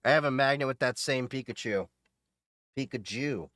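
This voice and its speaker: During a live gaming stream, a man keeps up a joking, chatty conversation with viewers, often laughing as he replies. His mid-range voice is fairly bright at a normal pace, with clean studio audio and no room sound.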